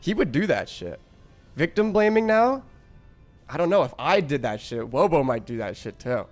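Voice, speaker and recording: A man's voice: a little high, sing-song, moderate pace, soft background music. A man streaming live, telling a rambling story to his chat, swearing freely and often breaking into laughter.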